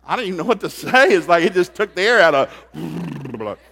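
A middle-aged man preaching a humorous sermon on marriage, folksy and joking, swinging from quiet asides to loud bursts. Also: high-pitched, very animated, moderate pace, vocal fry, husky, no echo. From grew up in a blue-collar factory family.

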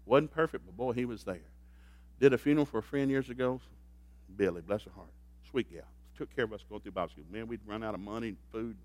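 A man preaching a sermon, telling stories in an animated way and laughing at them. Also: mid-range voice, dry recording. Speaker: pastor. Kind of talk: storytelling sermon.

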